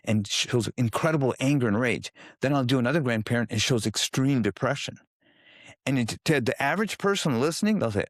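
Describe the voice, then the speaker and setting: A man of middle pitch talks in a relaxed interview, his voice jumping up and down as he tells stories and acts out other people's lines. The sound is close and dry, with no room around it. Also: fairly quick, dry recording. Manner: animated storytelling, acting out quoted voices. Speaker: guest. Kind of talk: conversational podcast interview.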